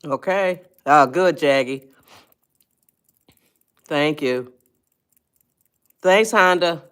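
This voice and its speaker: A woman's voice: low-pitched, drawn-out words, fairly bright tone, clear, resonant tone. Woman, live-stream host, casual, coaxing, talks straight to viewers. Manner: chatty, coaxing viewers, restarts and rewinds. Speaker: livestream host, life coach.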